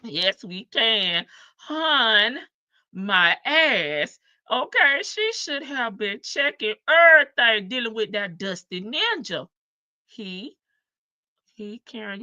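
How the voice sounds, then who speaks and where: Woman livestream host, casual commentary, sassy with frequent laughs, slightly high voice. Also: sharp tone, no echo, dull audio. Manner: chatty, sassy, laughs often. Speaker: live-stream host.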